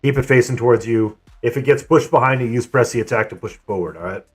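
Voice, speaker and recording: A man streaming and leading an online game raid, telling a story and giving calls in a relaxed, rambling way. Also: mid-range voice, quick pace.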